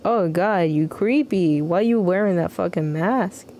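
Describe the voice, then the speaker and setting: A woman's voice: fairly low pitch, measured pace, dark tone, a little hiss or hum. Slangy, swearing young woman streamer. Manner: profane, slangy, joking. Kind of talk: live gameplay commentary.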